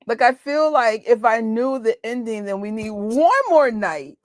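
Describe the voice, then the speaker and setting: A woman with a fairly high, darkish voice hosts a live movie watch party, speaking unhurriedly with no room sound. She rants in emotional, exclaiming outbursts and jokes around, laughing often as she reacts to the film.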